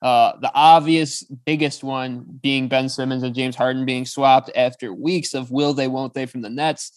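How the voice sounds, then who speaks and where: A man with a mid-range voice leads a sports podcast segment in an organized, brisk way. The sound is dry and close, with no room around it. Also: mid-range voice, fairly even intonation, no room sound. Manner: brisk, organized, hands off to co-host. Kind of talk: segment-leading sports talk.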